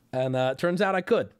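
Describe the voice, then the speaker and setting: A man livestreaming and talking casually to his chat, rambling, joking and swearing freely. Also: high voice. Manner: rambling, profane, jokey.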